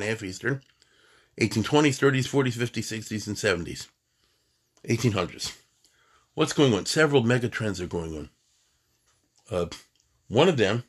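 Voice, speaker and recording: A man's voice: mid-range voice, a bit bright, slightly rough. A man giving an informal history lecture, conversational and full of rhetorical questions and Yiddish terms. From United States.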